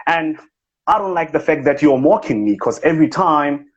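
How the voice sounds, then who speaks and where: A man's animated, somewhat high voice moves at normal speed with a breathy edge as he lampoons a boastful South African businessman. Through a phone on a live video call, he brags and scolds, heard in lo-fi livestream audio.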